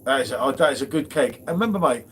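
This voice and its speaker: Speaking very fast in an expressive, mid-range voice, a middle-aged man runs a laid-back beer livestream. His talk is matey and full of banter, with "mate" tossed in constantly.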